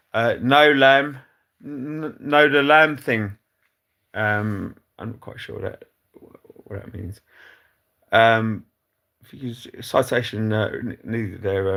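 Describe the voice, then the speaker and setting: A man's voice: lowish voice, fairly bright tone. Rambling British man on a livestream. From Britain. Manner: rambling, halting, many fillers and restarts. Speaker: livestream host reading chat. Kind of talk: casual live chat.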